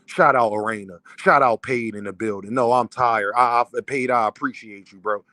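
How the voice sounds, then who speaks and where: A man's voice: medium pitch, normal speed, sharp tone, no echo. Man, boxing streamer, angry rant, profane, worked up, dry recording. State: worked up and fuming. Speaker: boxing content creator. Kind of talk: livestream rant.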